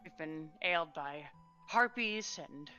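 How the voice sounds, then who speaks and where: A woman voicing a tired, overwhelmed female island leader who apologizes softly, in a tabletop game. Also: deep voice, animated, takes it slowly, dull audio, faint music behind, full character voice. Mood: earnest.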